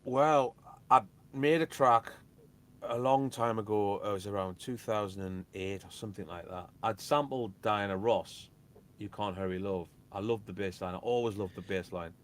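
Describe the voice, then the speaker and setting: A man, a DJ and label owner, chatting casually and telling animated stories that act out beats and quotes. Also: fairly low pitch, normal speed. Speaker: guest, DJ and record label owner. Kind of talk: casual chat.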